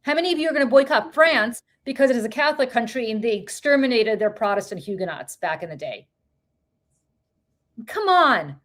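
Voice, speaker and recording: High-voiced, impassioned podcast woman. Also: very animated, fairly quick, fairly bright tone. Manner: impassioned, profane, rhetorical questions. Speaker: podcast co-host. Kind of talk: heated political commentary.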